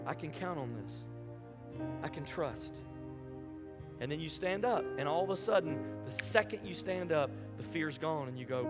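High-voiced pastor preaching in a reverberant hall. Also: male voice, moderate pace. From American South. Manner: animated storytelling, acts out quoted voices. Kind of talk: sermon. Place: large church hall. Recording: hall reverb with music behind.

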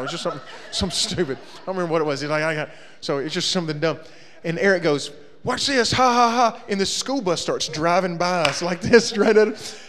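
A man telling a comedic story to a young audience, acting out his friends' voices and shouting the punchlines. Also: fairly high pitch, in a large hall.

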